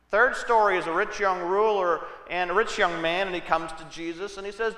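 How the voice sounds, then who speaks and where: Bright-voiced male pastor in echoey hall. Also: sits high, moderate pace, few pauses. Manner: conversational storytelling with asides. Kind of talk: sermon. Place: church sanctuary.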